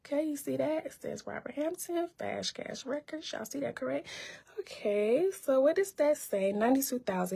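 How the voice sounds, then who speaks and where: A woman's voice: high voice, animated, moderate pace, vocal fry, warm tone, husky. A woman talking casually to her viewers on a live stream, showing documents and teasing.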